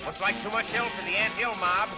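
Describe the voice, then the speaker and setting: A man voicing an excitable cartoon race announcer, calling the action with breathless exclamations. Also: high-pitched, fairly quick, natural voice. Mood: excited. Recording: old cartoon clip with music.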